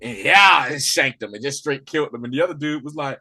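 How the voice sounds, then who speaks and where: A man co-hosting a podcast, casually recapping a TV episode in animated storytelling, acting out the characters' lines. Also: mid-range voice, fairly quick. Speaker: podcast co-host. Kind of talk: casual spoiler review chat.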